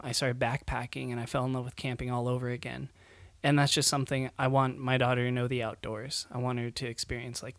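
Rambling young dad in a dry room. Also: male voice, medium pitch, fairly bright tone, dry recording. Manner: rambling, many fillers, laughs while telling stories. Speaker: podcast co-host. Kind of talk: casual chat.

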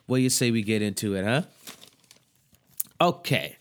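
Excitable, profane man chatting casually. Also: lowish voice, normal speed. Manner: loose, profane and excitable, heavy on fillers. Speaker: podcast host. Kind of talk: casual chat.

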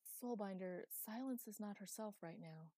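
A woman reading a story, voicing a young heroine who speaks gently and pleadingly. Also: mid-range voice, a little slow, dry recording, lightly acted.

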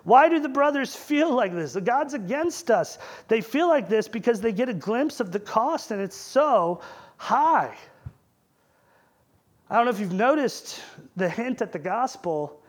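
A man preaching a sermon in a conversational way, asking the congregation rhetorical questions. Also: high voice.

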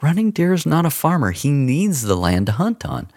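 A man's voice: a little high, big pitch swings, normal speed, gravelly, darkish tone, no echo, clean studio sound, pitched above the performer's own voice, exaggerated voice. A man voicing a frightened but stubborn orphaned frontier boy in an audiobook reading. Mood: earnest. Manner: pleading, stubborn, strained.

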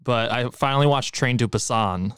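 A man co-hosting a movie-review podcast in relaxed, joking chat, laughing easily. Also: medium pitch, moderate pace, smooth, dry recording, clean studio sound. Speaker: podcast co-host.

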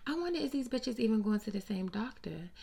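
A host with a gravelly, fry-tinged voice that sits on the high side runs briskly through celebrity gossip, casual and unscripted. She's blunt, profane, and sassy, with an animated bounce to her delivery.

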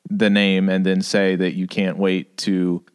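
A man who is a youth pastor, telling a story in a laid-back, halting way on a podcast. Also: sits low, monotone, clear, resonant tone. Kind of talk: casual chat.

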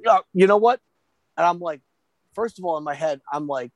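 A man telling a story in casual chat, animated and profane, acting out the voices of the people he quotes. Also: on the high side, moderate pace, no room sound.

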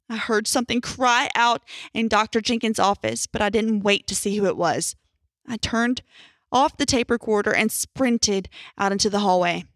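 Young woman, horror story narration, tense, measured, dry close mic. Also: medium pitch, no room sound.

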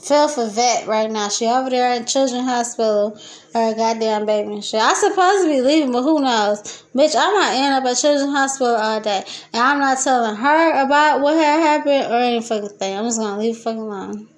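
High-voiced woman, loud and profane. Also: fairly quick. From Detroit, USA. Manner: profane, laughing, swings between loud excitement and low muttering. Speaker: podcast host. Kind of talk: rambling casual monologue.

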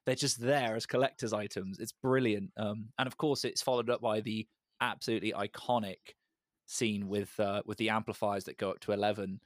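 A man's voice: on the low side, fairly even intonation, a little fast, dry recording. Enthusiastic British man, dry close mic. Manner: enthusiastic, acts out quotes in a raised voice. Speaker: podcast host. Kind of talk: casual film discussion.

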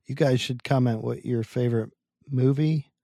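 A man co-hosting a podcast in casual chat, blunt and teasing, telling things in an animated way. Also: medium pitch, normal speed, vocal fry, dry recording, studio quality. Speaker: podcast co-host.

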